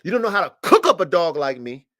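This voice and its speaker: A man's voice: a little high, big pitch swings, fast, fairly bright tone. A man hosting a livestreamed dog podcast, talking in a boastful, confrontational way with emphatic slang. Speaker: podcast host and dog breeder. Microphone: streaming setup.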